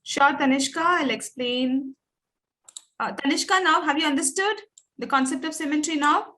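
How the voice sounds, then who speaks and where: A woman's voice: high voice, normal speed, sharp tone. A woman teacher, patiently coaxing pupils in an online class, with many fillers and "okay"s.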